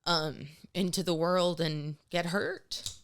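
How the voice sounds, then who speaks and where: A middle-aged woman co-hosting a podcast talks in a fairly low, steady, clear and resonant voice at a slow pace. The chat is casual and emotional; she tears up now and then and mimics people's voices when quoting them.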